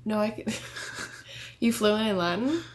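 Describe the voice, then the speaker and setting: A young woman co-hosting a casual chat, animated and laughing often, ranting with passion. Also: mid-range voice, slow pace.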